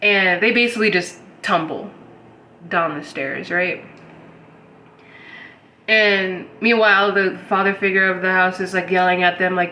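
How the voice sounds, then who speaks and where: Bright-voiced woman rambling through a dream story. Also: on the low side, measured pace, long pauses, slight background noise, low-quality recording. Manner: rambling, heavy use of "like", animated retelling. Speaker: host recounting a dream. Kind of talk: casual storytelling to a live audience.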